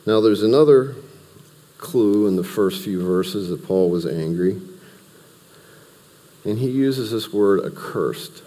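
Deep-voiced man teaching scripture in a hall. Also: slow pace, pauses often, mellow. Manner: conversational, explains verse by verse with restarts and asides. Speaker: Bible teacher. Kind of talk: teaching a Bible study.

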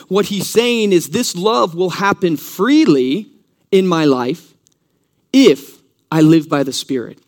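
A man preaching a sermon in church, earnest and teaching, who repeats key points for emphasis. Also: sits high.

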